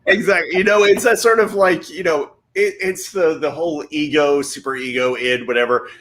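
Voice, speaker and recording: A man's voice: on the high side, fairly even intonation, normal speed, a bit bright, a little hiss or hum. A man in his thirties, a comedian guest, telling a story while a bit tipsy, rambling, cutting himself off and laughing mid-sentence.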